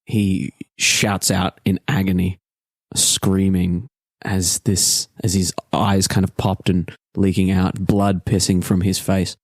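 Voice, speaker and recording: A man narrating a tabletop game as game master, relaxed and descriptive. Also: deep voice, slightly rough, no room sound.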